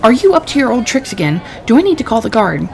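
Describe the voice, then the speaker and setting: A woman's voice: on the high side, quick pace, creaky. Woman doing a suspicious young townswoman, scolding tone, noisy backdrop. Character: sharp young woman, keeper of a sand hourglass. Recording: steady background noise.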